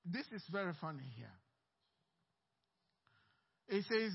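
Husky high-pitched male pastor preaching hard, muffled audio, long church echo. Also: measured pace. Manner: animated, emphatic preaching with call-outs for amen. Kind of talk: sermon. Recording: muffled recording with long hall reverb.

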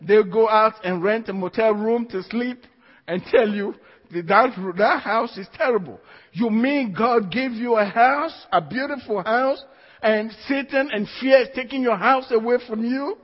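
In a church hall, a high-voiced man delivers a sermon at a measured pace, repeating his main phrases emphatically and chuckling lightly between points. The lo-fi recording sounds dull and carries a long hall reverb.

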